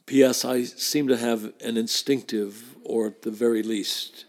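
A man hosting a podcast, giving a spoken tribute and reading letters aloud in a measured way with emphatic repetitions. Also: mid-range voice, fairly even intonation. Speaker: podcast host.

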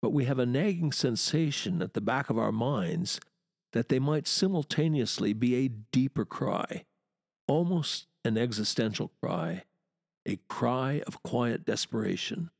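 Slow, gravelly man lecturing on poetry. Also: medium pitch, expressive, dry recording, clean studio sound. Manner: deliberate, emphatic, savoring key words. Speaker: literature teacher.

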